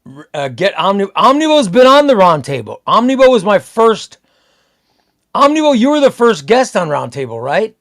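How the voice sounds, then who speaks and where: Gravelly, chatty male stream host. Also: sits high, very animated, moderate pace, fairly bright tone. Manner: rambling, repeats himself, reads out chat comments. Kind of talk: casual live-stream chat.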